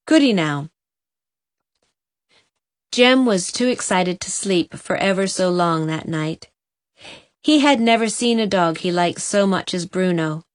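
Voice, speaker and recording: A woman narrating a storybook gently for an audiobook. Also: on the low side, lively intonation, measured pace, no echo, clean studio sound.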